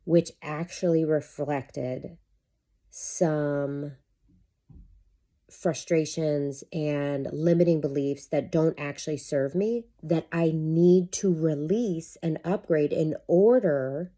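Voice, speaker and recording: A woman's voice: low-pitched, fairly even intonation, slow, dark tone. A middle-aged woman, a life coach, talking to camera in a candid, chatty monologue and swearing freely.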